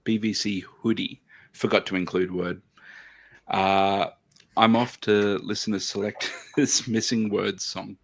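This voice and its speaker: A man co-hosting a hobby livestream reads out viewer comments in casual chat, with frequent hesitant fillers. His voice is on the low side, fairly even and unhurried, and he's in a home studio on a video call.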